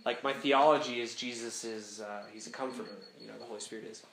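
A man's voice: mid-range voice, fairly even intonation, fast, a bit bright. A man preaching a sermon as pastor at a camp gathering, talking casually and animatedly, often laughing as he goes. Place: camp meeting hall. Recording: echoey hall.

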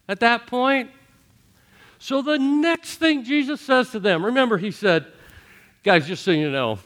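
Earnest, fairly high-voiced male pastor. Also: fairly bright tone. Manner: earnest storytelling with shifting voice for quoted thoughts. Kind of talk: sermon.

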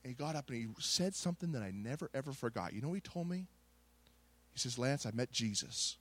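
A man's voice: mid-range voice, expressive, fast talker, a bit bright, breathy edge. A middle-aged male pastor preaching a Pentecostal sermon with impassioned delivery, repeating words and restarting phrases as he tells a story.

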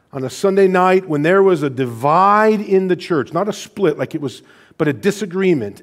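A man in his thirties preaching a sermon, telling earnest personal stories with feeling. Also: fairly high pitch. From United States. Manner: earnest storytelling, emotional personal anecdotes. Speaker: pastor.

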